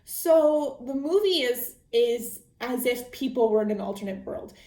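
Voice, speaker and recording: A woman's voice: a little high, expressive, unhurried, mellow, echoey room. A woman podcast host recapping a book in a casual, chatty way, often restarting her sentences. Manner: chatty storytelling with frequent restarts and laughs.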